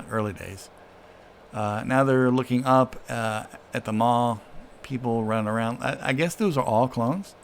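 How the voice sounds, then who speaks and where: A man's voice: medium pitch, a little hiss or hum. Offhand man critiquing comic pages. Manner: offhand, critical, many fillers. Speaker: comic book reviewer. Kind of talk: casual read-through commentary.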